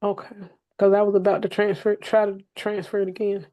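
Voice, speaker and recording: A woman, a student in an online class, explaining a problem over a video call in a hesitant, halting way. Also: mid-range voice, flat delivery, mellow, rough recording. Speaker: student asking a question.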